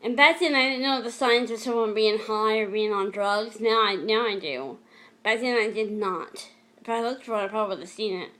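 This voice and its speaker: A middle-aged vlogger recounts a painful story from her past to her viewers in a fairly high, fairly bright voice. Her delivery is emotional and halting, and she often stops to restart or repeat a phrase.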